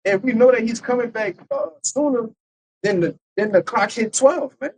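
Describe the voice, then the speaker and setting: A man's voice: very high voice, moderate pace, background noise. A man teaching a Bible lesson in a loose, conversational preaching style, tagging his points with rhetorical questions. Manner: loose and conversational, tags lines with "man" and "right?".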